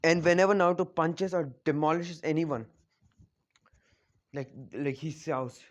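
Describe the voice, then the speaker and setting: A man's voice: on the high side, unhurried, long pauses. A man casually retelling a fan story, rambling with lots of restarts and filler words. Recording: dull lo-fi recording.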